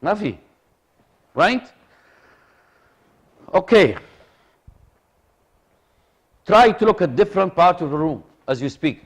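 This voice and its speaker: A male lecturer, talking to a class in a voice that sits high for a man. He is animated and repeats his points, checking again and again that his listeners are following. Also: slow, long pauses. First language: Arabic. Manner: animated, repeats himself, asks the audience for agreement.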